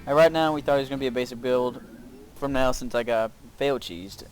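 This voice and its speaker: A man's voice: mid-range voice, brisk. A man casually commenting over his own strategy game replay, rambling with lots of fillers and restarts. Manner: rambling, filler-heavy, self-narrating. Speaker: gameplay commentator. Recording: faint music behind voice. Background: faint background music.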